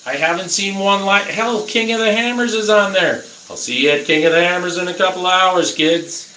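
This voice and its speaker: A man's voice: high-pitched, moderate pace, sharp tone. A middle-aged man ranting crudely and angrily at his viewers in a casual talk. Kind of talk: casual rant. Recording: roomy echo, faint background noise.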